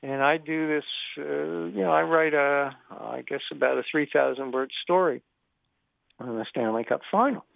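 A man's voice: mid-range voice, moderate pace, vocal fry, no echo. Older man telling a story over a phone line. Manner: animated anecdotal storyteller, acts out quoted dialogue. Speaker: sports journalist guest. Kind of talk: radio interview storytelling.

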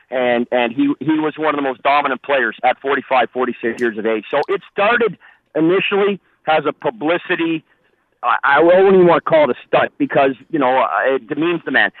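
A man's voice: medium pitch, no room sound. Middle-aged male phone guest, historian type, rambling delivery, tinny dry line. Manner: rambling, many restarts and fillers. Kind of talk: phone-in radio interview.

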